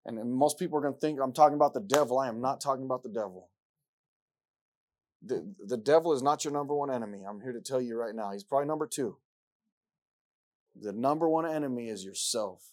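A man preaching a sermon, repeating himself and rising from quiet passages to loud ones. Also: medium pitch, quick pace.

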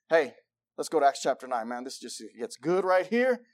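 A man preaching a sermon, swinging from loud excited bursts to hushed low passages and acting out voices as he reads and explains scripture. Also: normal speed. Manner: acts out voices of God and believers.

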